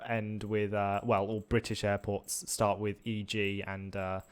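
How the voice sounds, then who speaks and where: A man's voice: fairly low pitch, completely flat delivery, measured pace, smooth. A young man co-hosting a casual flight simulator tutorial, explaining matter-of-factly and teasing his friend. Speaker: co-host. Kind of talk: casual screen-recorded tutorial chat.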